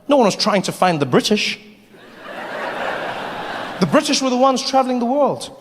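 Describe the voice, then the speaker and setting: Animated stand-up comic in a big hall. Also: male voice, very high-pitched. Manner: animated, shifts into voices and shouts. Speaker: stand-up comedian. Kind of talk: live stand-up comedy. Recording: live hall reverb, audience noise.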